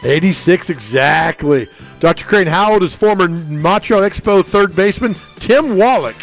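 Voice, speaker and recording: A man hosting a casual radio show, quizzing his co-hosts with quick banter. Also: high voice, expressive, faint music behind, poor audio.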